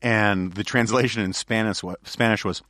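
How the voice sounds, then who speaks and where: A man's voice: on the low side, fairly even intonation, normal speed, fairly bright tone, no echo, clean studio sound. A man hosting a podcast, telling rambling stories in casual chat with many fillers and restarts. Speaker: podcast host.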